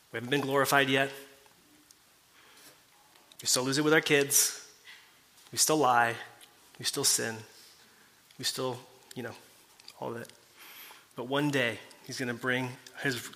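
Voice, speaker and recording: A man's voice: mid-range voice, fairly even intonation, a little slow, pauses often, bright, forceful tone. A man preaching a sermon as pastor, asking the congregation questions and reading scripture aloud.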